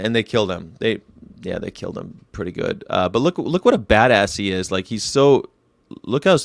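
A middle-aged man ranting sarcastically in a casual monologue, jumping between loud outbursts and low mutters. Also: dry recording, studio quality. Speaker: vegan commentary host.

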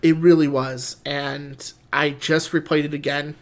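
A man's voice: fairly high pitch, level tone, a little slow. A man co-hosting a casual podcast chat, talking enthusiastically with many restarts. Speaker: podcast co-host. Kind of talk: casual chat about video games.

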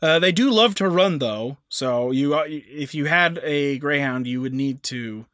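A man co-hosting a podcast in casual chat, easygoing and halting with frequent restarts. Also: a little high, a bit bright, dry recording, clean studio sound. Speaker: podcast co-host.

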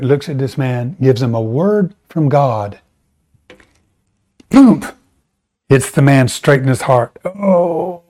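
Male pastor, sermon, conversational, emphatic, slightly high voice. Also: darkish tone. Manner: conversational, emphatic preaching with sudden pitch rises.

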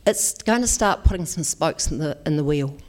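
A woman's voice: sits low, animated, moderate pace, noisy background. A woman giving an encouraging talk, checking in with "okay?" often. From New Zealand. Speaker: speaker. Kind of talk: motivational talk to an audience.

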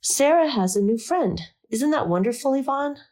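A woman reading the part of a kind, tactful older woman who speaks in a gentle, coaxing way. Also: high-pitched, animated, normal speed, voice pushed up.

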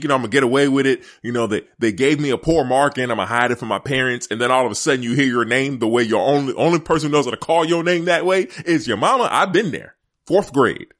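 A man's voice: mid-range voice, a bit bright. A middle-aged man hosting a casual sports podcast, emphatic and laughing often as he talks straight to his listeners. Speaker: podcast host.

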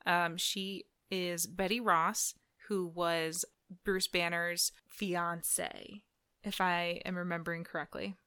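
A woman co-hosts a podcast, chatting casually with lots of fillers and frequent laughter. Her lowish voice is level, slow, bright and forceful, clear and resonant, recorded clean in a studio with no room sound.

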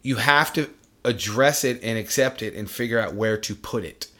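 A man's voice: medium pitch, moderate pace, pushed and bright. A middle-aged man hosting a podcast, talking bluntly and profanely in casual chat. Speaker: podcast host.

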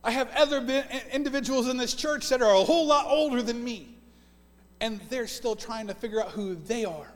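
A man's voice: extremely high pitch, brisk. A man in his forties preaching a sermon as pastor, earnest and often repeating words as he builds a point. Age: 40s. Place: church sanctuary. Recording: long church reverb.

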